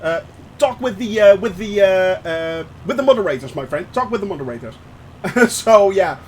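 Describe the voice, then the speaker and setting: Young male streamer from the Netherlands, high voice, effusive and giggly, faint hum behind. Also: lively intonation, moderate pace. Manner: effusive, laughs often, repeats phrases. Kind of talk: live-stream chat while flying a sim.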